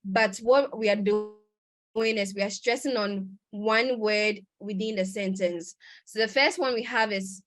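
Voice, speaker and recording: A woman presents a conference lecture over a video call, talking at a middle pitch. She explains things patiently, with frequent pauses and self-corrections. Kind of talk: lecture on research methods.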